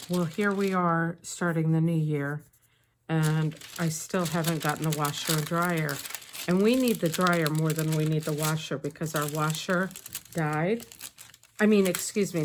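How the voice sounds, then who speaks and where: A woman chatting casually while decorating her planner, telling a story with soft asides. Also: on the low side. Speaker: planner vlogger. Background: faint paper crinkling and sticker sounds.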